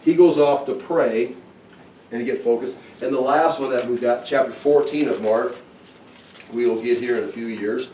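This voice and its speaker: A man's voice: medium pitch, normal speed, warm tone, a little hiss or hum. A man giving an informal, conversational Bible teaching, walking listeners through the verses. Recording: roomy echo, mic at a distance.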